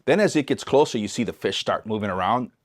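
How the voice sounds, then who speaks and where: A middle-aged man from East Los Angeles, appearing as a podcast guest, tells a story in a fairly low, expressive voice at a quick pace. He acts out other people's voices with lots of energy, frequently repeating and restarting his words in this casual storytelling interview.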